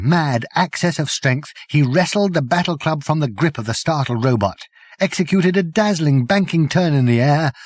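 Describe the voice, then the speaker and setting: Expressive male audiobook narrator. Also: on the high side, dry recording, clean studio sound. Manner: expressive storytelling.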